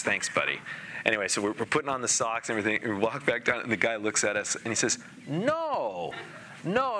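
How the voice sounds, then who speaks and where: A man giving a spiritual talk to a live audience, telling stories in a lively way with frequent laughs and restarts. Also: fairly low pitch, slight background noise. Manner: animated storyteller, laughs often, many restarts. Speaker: spiritual teacher. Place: meeting room with a live audience.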